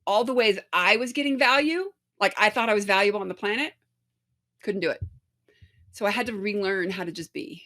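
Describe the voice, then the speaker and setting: Woman guest, bright, forceful tone; candid storyteller who mimics voices. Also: mid-range voice, brisk. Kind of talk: podcast interview.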